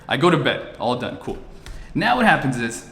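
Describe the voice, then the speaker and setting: A man doing virtual stand-up, telling stories animatedly with bursts of shouting and laughter. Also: medium pitch, big pitch swings, moderate pace, echoey room. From India. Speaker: stand-up comedian. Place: room, performing over a video call. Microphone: video call.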